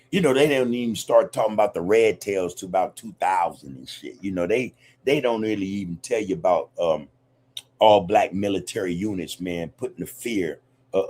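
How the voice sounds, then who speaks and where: A man holds forth on his podcast in a loose, rambling monologue, leaning hard on his points. His voice sits low and sounds husky. He fills his talk with street slang and constant asides. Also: darkish tone. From United States. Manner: rambling, emphatic, streetwise slang, lots of "man" and "you know". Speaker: podcast host. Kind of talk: casual livestream monologue.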